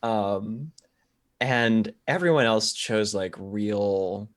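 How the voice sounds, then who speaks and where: A man's voice: lowish voice, very slow. A young man co-hosting a live-streamed podcast, telling stories in a casual chat and laughing often. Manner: animated storyteller, laughs often. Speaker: podcast co-host.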